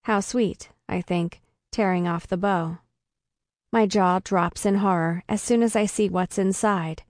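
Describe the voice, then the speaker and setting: A woman reading a first-person story aloud in a deadpan comic way. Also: lowish voice, a little slow, dry recording, clean studio sound. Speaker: narrator. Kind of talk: first-person audiobook narration.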